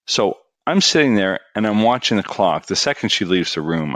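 A middle-aged man telling a personal story in a casual, animated way, his voice rising for the punchlines. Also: on the low side, unhurried, dry recording.

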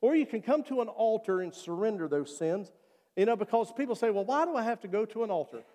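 In a church sanctuary, a male pastor preaches a sermon and leads an altar call, earnestly repeating his appeals. He has a high, warm voice with lively intonation and a quick pace. A long church reverb trails his words.

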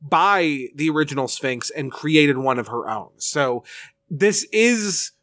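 Male podcast host, fairly high voice, dry close sound, animated, sarcastic recap. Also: slow, no room sound. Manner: animated, sarcastic, swears freely. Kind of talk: casual episode recap.

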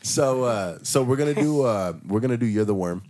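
A man's voice: medium pitch, expressive, a little fast, darkish tone, slight background noise. A man co-hosting a casual podcast chat, laid-back and laughing often, with plenty of swearing. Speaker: podcast co-host.

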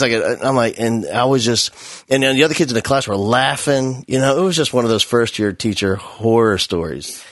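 A man hosting a casual conversation, a teacher telling stories in an animated way and often saying "man". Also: on the low side, no room sound, clean studio sound. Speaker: podcast host and teacher.

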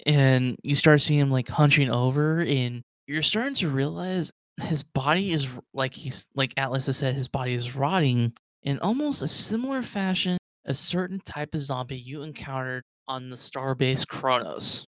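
A man's voice: mid-range voice, moderate pace, a bit bright, dry recording. Male game master, mid-range voice, loose rambling narration, dry close mic. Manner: rambling, heavy with "like".

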